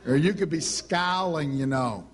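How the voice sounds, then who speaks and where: A middle-aged man preaching a sermon, telling stories with lively delivery and acting out the voices of the people in them. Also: fairly high pitch, a little slow. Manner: animated storytelling, acts out quoted voices.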